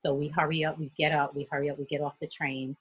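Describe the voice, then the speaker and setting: Speaking quickly, a New York woman working as a youth mentor shares a personal story with a group over a video call. She sounds earnest and steady, her voice deep and very husky, and the recording is muffled but has no echo.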